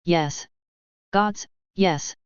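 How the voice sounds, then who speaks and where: A woman's voice: on the low side, very slow, smooth, dry recording, lo-fi sound. A woman reading aloud, voicing a drunken, foul-mouthed male elf bartender who rambles about his troubles. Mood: fearful. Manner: slurred, crude, grumbling rant.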